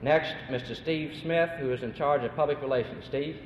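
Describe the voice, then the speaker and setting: Young man, student body MC, formal and ceremonious, raised pitch; echoey hall, dull noisy old tape. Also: moderate pace. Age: young adult. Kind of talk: formal speech introductions. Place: large hall at a symposium.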